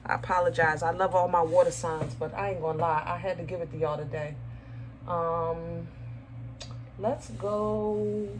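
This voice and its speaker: A woman's voice: mid-range voice, slight background noise. A woman giving a casual tarot reading to her viewers, chatty and affectionate, often stopping to search for her words. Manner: chatty, affectionate, calls viewers baby and y'all; searches for words, many ums and restarts. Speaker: tarot reader.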